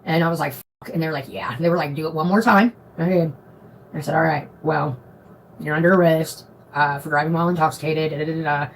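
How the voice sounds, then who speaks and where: A woman telling a story to her stream viewers in a profane, animated way. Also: sits low, fast talker, slight background noise, low-quality recording. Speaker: livestream host.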